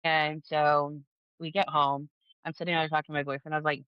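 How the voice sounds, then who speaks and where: A woman's voice: deep voice, level tone, a little fast, clear, resonant tone, no room sound, muffled recording. A woman in her thirties, a podcast guest telling her story casually, acting out dialogue and saying "like" a lot. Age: 30s. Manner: chatty, acts out dialogue with lots of "like".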